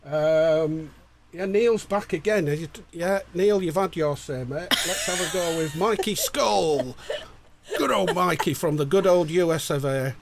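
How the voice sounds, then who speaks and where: A man's voice: on the high side, a little slow, vocal fry, noisy background. A man, co-hosting a casual livestream and jokingly reading out viewer greetings. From England. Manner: jokey, bantering, stumbles over names.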